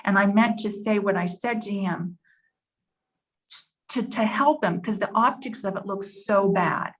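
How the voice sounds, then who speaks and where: A woman at a church forum sharing a personal story, earnest and shaken, pausing often with fillers. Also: mid-range voice.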